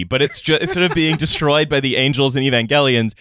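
Podcast host guy doing a fake newsreader bit, normal pitch, dry close mic. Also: brisk, sharp tone, no echo. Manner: mock newscaster reading that breaks into laughter. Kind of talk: comedic podcast chat.

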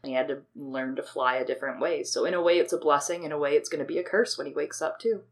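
A woman's voice: deep voice, fast. A young adult woman co-hosting a podcast, talking in a chatty, rambling way with frequent swearing. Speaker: podcast co-host. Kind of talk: casual chat.

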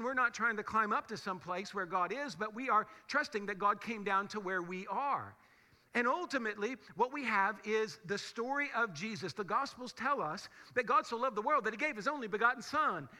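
A male pastor with a high, bright, forceful voice preaches a sermon to his congregation, speaking conversationally while driving his points home with rhetorical questions. The long hall reverb of a large church sanctuary carries his words.

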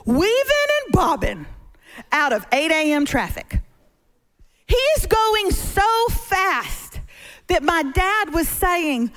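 A middle-aged woman preaching as a guest speaker from a church stage, telling stories with animated humor. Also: sits high. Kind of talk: sermon. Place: church stage before a congregation.

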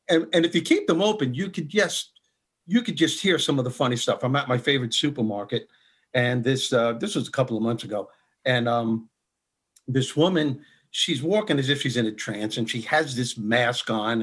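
A man co-hosting a comedy talk show, telling anecdotes in an animated way and acting out the people in them. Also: mid-range voice, slightly rough. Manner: animated storyteller, acts out voices. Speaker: comedian co-host. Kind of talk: casual comedic chat.

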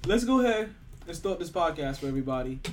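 A man's voice: fairly high pitch, big pitch swings, quick pace, very noisy. Hyped, profane podcast host guy. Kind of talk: casual podcast chat.

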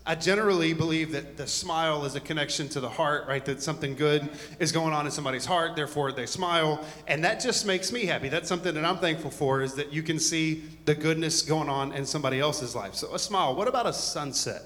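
A man's voice: fairly high pitch, quick pace, fairly bright tone, long reverb tail. A man preaching a conversational sermon to a congregation, full of joking asides and rambling stories. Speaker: pastor.

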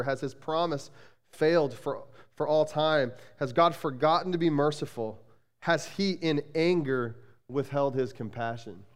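A man's voice: on the high side, normal speed. A man preaching a sermon as pastor, speaking conversationally with frequent "like" and restarts, in a church sanctuary. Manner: conversational, repeats "like" and restarts often. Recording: long hall reverb.

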